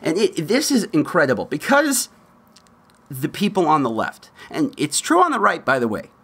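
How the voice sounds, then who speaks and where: A man hosting a podcast, giving opinionated political commentary in an animated way and often laughing mid-sentence. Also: a little high, moderate pace, husky. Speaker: podcast host.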